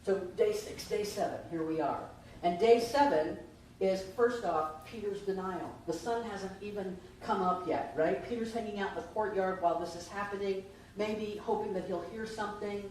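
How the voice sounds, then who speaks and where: A woman's voice: mid-range voice, normal speed, a little mellow. A woman minister, giving a conversational Easter sermon and asking the congregation questions, heard from a distant mic in a church. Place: church sanctuary. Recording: distant mic, very echoey hall, faint noise.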